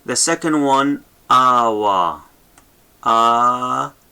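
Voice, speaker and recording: Bright-voiced man with teaching. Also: mid-range voice. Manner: repeats each sound slowly, many fillers and okays. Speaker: language teacher. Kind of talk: slow instructional lesson.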